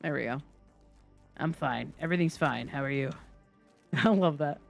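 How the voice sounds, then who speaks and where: A woman's voice: deep voice, normal speed, gravelly, soft background music. A woman streaming live gameplay, chatting and joking with her viewers as she plays. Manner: chatty, jokey, talks to chat. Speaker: game streamer.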